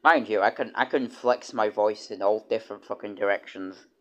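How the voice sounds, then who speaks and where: A man's voice: lowish voice, moderate pace, a bit bright. A young British man streaming, chatting casually and rambling with many restarts and casual swearing. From United Kingdom. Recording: dull lo-fi stream audio.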